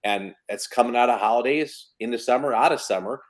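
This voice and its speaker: A man's voice: medium pitch, a little fast. A man in his fifties co-hosting a podcast, talking casually about running a business and telling stories. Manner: lively storyteller, acts out phone calls in quotes. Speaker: podcast co-host. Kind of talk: casual business advice talk.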